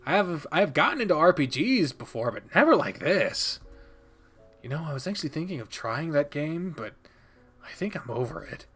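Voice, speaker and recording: A man's voice: a little high, sing-song, normal speed, a bit bright, husky, faint music behind. A young man casually reading a visual novel aloud, swearing freely and laughing at himself. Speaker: video game player.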